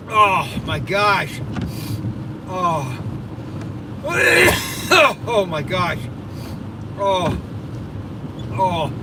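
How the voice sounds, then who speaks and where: High-voiced man muttering while driving. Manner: exclaiming and muttering to himself, sarcastic. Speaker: livestream host. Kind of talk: rambling live-stream chat while driving. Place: inside a car on the highway. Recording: distant mic with loud road and wind noise.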